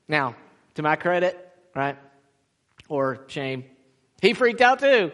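A man preaching a sermon as pastor, animated, acting out the people he quotes and laughing often. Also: fairly high pitch, slow, pauses often, long reverb tail. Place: church sanctuary.

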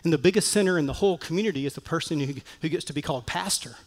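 A man preaching a sermon as pastor, animated and acting out the voices he quotes. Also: fairly high pitch, very fast, big-room sound. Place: church sanctuary.

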